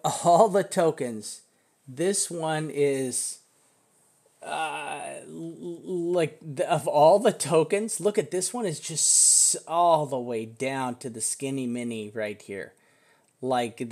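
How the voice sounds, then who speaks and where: Rambling man talking through trading charts. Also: on the high side. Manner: rambling, self-interrupting, thinking aloud; swears casually. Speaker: crypto chart analyst. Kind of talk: casual live chart analysis.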